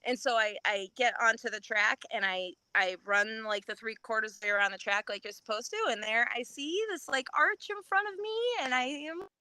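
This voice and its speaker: A woman on a live podcast, telling a story with lively energy, acting out what people said and laughing often. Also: a little high, normal speed, few pauses, clean tone, no echo. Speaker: podcast guest. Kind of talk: excited race recap.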